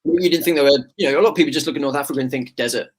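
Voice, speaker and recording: A man's voice: medium pitch, very fast, breathy edge. A man co-hosting an online quiz, chatting about the answers in a joking, self-deprecating way. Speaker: quiz co-host. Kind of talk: casual quiz answer chat.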